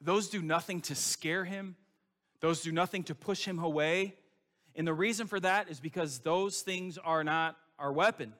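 A man's voice: a little high, moderate pace, fairly bright tone, in a large hall. A male pastor preaching a sermon in an emphatic, conversational way, full of rhetorical questions.

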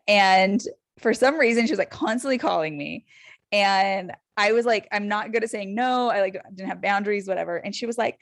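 A woman in her thirties co-hosting a podcast, telling a story in casual chat, animated and full of fillers. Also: mid-range voice, a little fast, no echo, studio quality. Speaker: podcast co-host.

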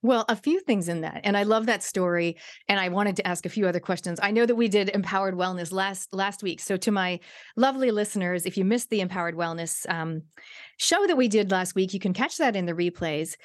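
Woman, podcast host, enthusiastic, addresses listeners, mid pitch. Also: a little fast. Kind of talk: casual interview chat.

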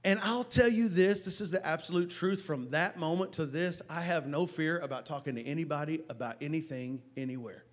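A man preaching a sermon as a pastor, telling a story with animated, halting delivery and stammered repeats. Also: a little high.

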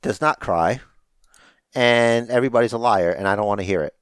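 A man's voice: medium pitch, a little fast, clean tone, no echo, studio quality. A man co-hosting a podcast who talks in a blunt, joking way and swears casually. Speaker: podcast co-host. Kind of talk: casual chat.

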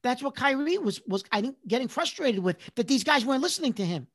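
A man's voice: very high-pitched, very animated, fast, fairly bright tone, no room sound. A man co-hosting a sports talk show, thinking aloud and asking questions with some hesitation. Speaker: sports radio co-host.

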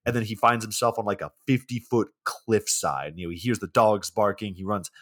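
A man's voice: fairly low pitch, a little fast, a bit bright. A man hosting a casual podcast, retelling a film's plot in a laid-back, wry way with plenty of swearing. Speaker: podcast host. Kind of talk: casual movie plot recap.

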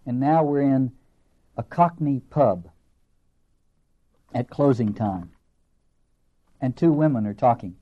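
A man with a Southern American accent giving a literature lecture, earnest and emphatic, slow and deliberate, then quick. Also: medium pitch. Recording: dull lo-fi lecture recording.

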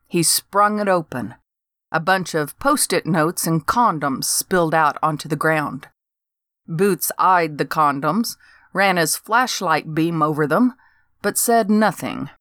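A woman's voice: low-pitched, a bit bright, no echo. An older woman reading a first-person story aloud with dry, wry humor. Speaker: narrator.

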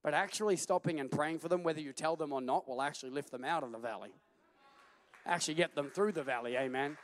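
A man preaching a sermon as a pastor, telling stories animatedly and at times rising to a shout. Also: on the high side, quick pace, long reverb tail.

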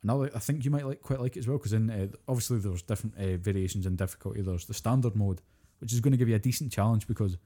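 A quick-talking man, his voice low and soft-toned. He tells a game's story as a podcast co-host, in casual chat that is full of swearing and acted-out quotes. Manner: animated storyteller, swears freely, acts out quotes. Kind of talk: casual chat about video games.

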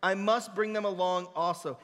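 A man with a high voice preaches in a church, the sound trailing off in a long reverb. He moves between loud, emphatic declarations and quiet, close passages, reading scripture and urging his listeners. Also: fairly even intonation, normal speed. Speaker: guest pastor. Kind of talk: sermon. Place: church sanctuary.

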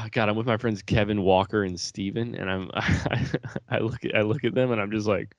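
A young man with a low voice co-hosts a podcast in loose, rambling casual chat. He swears freely and breaks into laughter. The sound is dry and close with no room behind it. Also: moderate pace, dry recording. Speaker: podcast co-host.

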